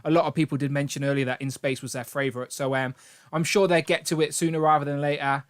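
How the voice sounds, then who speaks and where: A man's voice: fairly high pitch, steady tone, fast. A man hosting a casual live stream, chatty and joking, reading out comments from the chat. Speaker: host.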